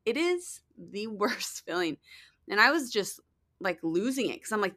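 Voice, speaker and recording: She has a bright, crisp voice at a medium pitch for a woman. She co-hosts a relaxed chat and wanders through her stories with plenty of "like"s. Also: measured pace. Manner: rambling, filler-heavy storytelling. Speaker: podcast co-host. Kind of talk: casual chat.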